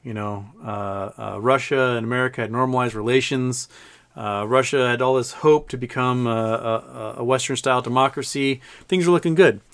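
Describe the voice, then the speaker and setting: A man's voice: medium pitch, normal speed, creaky, fairly bright tone, clear, resonant tone. Rambling, joke-telling male livestream host. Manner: joking, rambling, laughs at his own jokes. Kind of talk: casual livestream chat.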